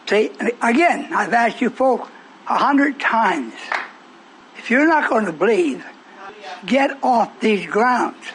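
A man's voice: very high-pitched, fairly bright tone. A man preaching a sermon, confronting and questioning his congregation.

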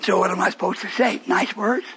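A man preaching a sermon with passion, swinging from shouts down to whispers and rhetorical questions. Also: high voice, a little fast, slight background noise, low-quality recording.

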